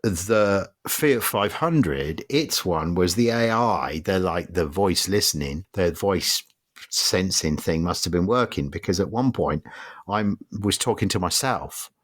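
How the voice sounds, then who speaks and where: A deep-voiced middle-aged Englishman talks through a car review in a loose, rambling way, blunt and wry, with swearing. The sound is dry and close, with no room around it. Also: lively intonation, measured pace, dry recording. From England. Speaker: podcast host. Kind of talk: casual car review chat.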